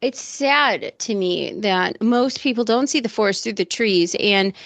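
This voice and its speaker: A woman's voice: medium pitch, animated, unhurried, fairly bright tone, no echo. A woman co-hosting a casual podcast, talking in an emphatic, exasperated way. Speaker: podcast co-host.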